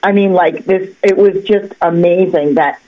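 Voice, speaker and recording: A woman who works as a psychic, telling a story on a cable access talk show in an animated, chatty way with lots of fillers and restarts. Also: on the low side, unhurried, narrow, tinny audio. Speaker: psychic guest. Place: local access TV studio.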